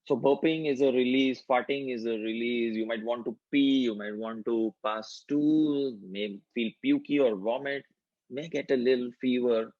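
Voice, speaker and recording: Man calmly guiding a group session. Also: mid-range voice, no echo, muffled recording. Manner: calm instructive, repeats affirmations in a slow chant. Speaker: workshop facilitator. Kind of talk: guided group healing session.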